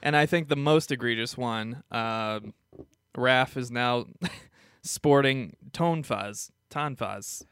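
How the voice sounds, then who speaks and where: A man's voice: medium pitch, slow pace, clear, resonant tone, no room sound, clean studio sound. Man reading out pop culture news. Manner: relaxed, hesitant, lots of fillers and chuckles. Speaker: podcast co-host presenting news. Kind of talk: casual chat.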